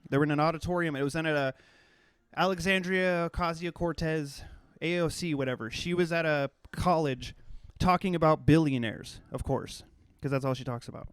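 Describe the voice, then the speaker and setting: A man hosting a solo podcast rant, blunt and heavy on the swearing, sounding thoroughly fed up. His voice sits fairly high for a man. The sound is dry and close, with little room echo. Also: clean tone. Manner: profane, blunt and exasperated. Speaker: podcast host.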